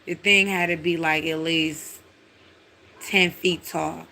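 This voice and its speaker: A woman telling a story in a casual, animated, profane way, building the drama as she goes. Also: deep voice, slow pace, vocal fry, a little hiss or hum.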